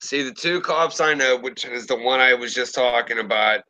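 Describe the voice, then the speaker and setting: Bright-voiced man telling a profane story. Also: medium pitch, moderate pace, rough recording. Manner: profane, animated storyteller acting out quotes. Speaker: podcast host. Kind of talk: casual storytelling chat.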